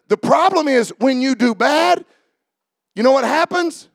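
High-voiced preacher with gravelly shouts. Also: male voice, lively intonation, a little slow, no echo, studio quality. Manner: preaching, often shouting, asking the congregation questions. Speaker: pastor. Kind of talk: sermon.

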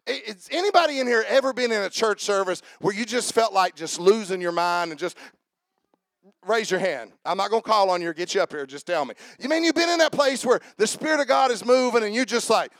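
High-voiced, animated male preacher. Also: dry recording. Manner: lively, joking preaching with repeated restarts; talks to the congregation, calls out people by name. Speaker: pastor. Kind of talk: sermon.

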